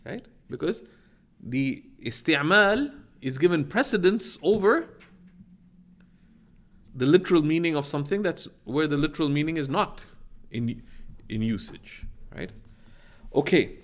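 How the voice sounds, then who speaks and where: A man's voice: fairly high pitch, expressive, unhurried, long pauses. A man teaching a class from a legal text. He reads Arabic passages aloud, explains them with many fillers and restarts, and keeps checking in with "right?".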